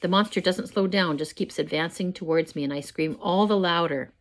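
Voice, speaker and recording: An older woman reading her own first-person story aloud at home, measured and expressive. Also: on the low side. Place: home, with a pet dog nearby.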